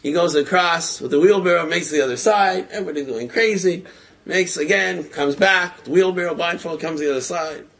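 A man telling a parable to a group in an animated storytelling talk, repeating words for effect. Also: fairly high pitch, fairly quick.

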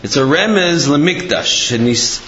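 A man teaches a religious lesson as an animated, conversational storyteller, his voice swinging widely and sitting a little high. The recording sounds roomy and somewhat dull. Faint noise sits behind him. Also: a little slow. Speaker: Torah teacher.

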